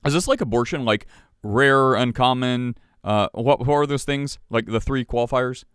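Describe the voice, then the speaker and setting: Man with a smooth, dry voice. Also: mid-range voice, moderate pace, a bit bright, no echo. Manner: reads articles aloud, puts on mock voices for quoted people. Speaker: podcast host. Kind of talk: casual livestream commentary.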